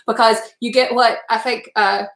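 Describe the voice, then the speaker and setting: A middle-aged woman, chatting casually on a live stream, emotional and quick to laugh as she reads comments. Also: a little high, steady tone, creaky, a bit bright, echoey room.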